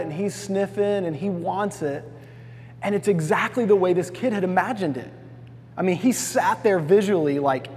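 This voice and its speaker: A man's voice: sits high, darkish tone, long reverb tail, slight background noise. A man preaching a sermon, telling stories in a folksy way and asking the congregation to repeat words after him. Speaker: pastor.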